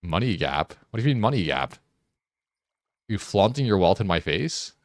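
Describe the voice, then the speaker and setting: A young man with a low, deep voice chats casually while streaming a game. He teases and jokes, often tripping over his own sentences. The sound is dry and close, with no room echo. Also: sing-song, moderate pace. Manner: joking, teasing banter with frequent restarts. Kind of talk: casual chat while gaming.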